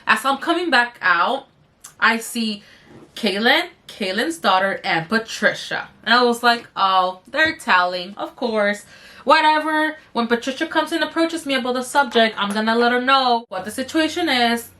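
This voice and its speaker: A young woman vlogger telling a workplace story while doing her makeup, animated and swearing freely, her throat slightly strained. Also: a little high, normal speed. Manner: animated, swearing, addresses viewers as you guys. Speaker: beauty vlogger.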